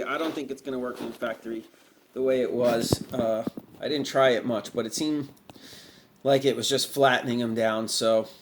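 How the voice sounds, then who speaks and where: A man chatting casually in a guitar repair vlog, rambling and folksy, thinking aloud as he goes. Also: mid-range voice.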